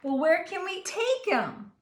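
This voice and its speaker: A woman's voice: very high voice, very animated, a little slow, voice pushed up, exaggerated voice. A woman voicing a young boy in a storybook read-aloud, speaking urgently and pleadingly about his fish. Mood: wondering. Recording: roomy echo.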